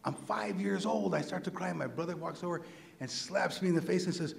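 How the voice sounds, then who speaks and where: Brief: Spanish-native male writer, lively comic storyteller, slightly high voice, echoey lecture hall. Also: brisk, gravelly. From New Mexico. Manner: animated and humorous, acting out quoted voices. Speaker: visiting writer. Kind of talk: personal storytelling to a live audience.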